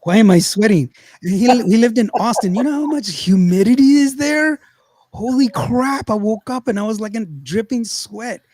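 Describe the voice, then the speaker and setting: A man, hosting a podcast and telling a long, rambling, animated story full of laughter and acted-out quotes. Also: very high-pitched, normal speed, no room sound. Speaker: podcast host. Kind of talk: casual storytelling chat.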